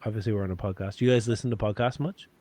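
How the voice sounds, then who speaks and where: A man's voice: lowish voice, fairly even intonation, very fast, a little mellow, no room sound. Profane, rambling podcast host, man. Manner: loose and profane, rambling with lots of fillers. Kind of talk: casual podcast chat.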